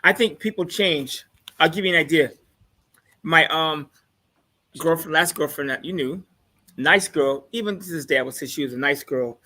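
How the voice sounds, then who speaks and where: A man's voice: a little high, moderate pace, pauses often, sharp tone. A man chatting casually as a guest on a live talk show, boastful and laid-back, laughing at his own jokes. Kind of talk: casual chat, storytelling.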